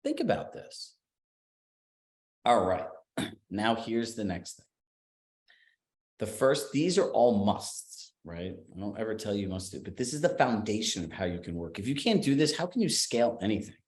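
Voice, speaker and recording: A man's voice: on the low side, animated, normal speed, echoey room. A man giving a coaching seminar talk to real estate agents in an emphatic, conversational way. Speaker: business coach.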